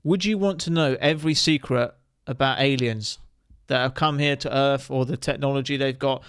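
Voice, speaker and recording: A man's voice: mid-range voice, normal speed, fairly bright tone, smooth, no echo, studio quality. A man hosting, chatting playfully to the viewer and asking them questions. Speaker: host. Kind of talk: casual chat to camera.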